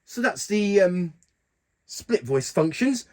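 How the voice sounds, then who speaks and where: A man giving a casual keyboard tutorial, talking haltingly and often stopping to correct himself. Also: sits high, very animated, a little hiss or hum. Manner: halting, stops to correct himself mid-sentence. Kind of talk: casual demonstration walkthrough. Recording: loud keyboard music over the voice. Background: keyboard sounds being demonstrated.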